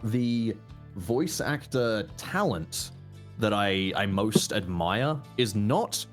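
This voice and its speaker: Lively young man with a sore throat. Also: fairly low pitch, slow pace, soft background music. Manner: rambling, swearing, laughs often. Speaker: streamer and guest. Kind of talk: casual chat while drinking.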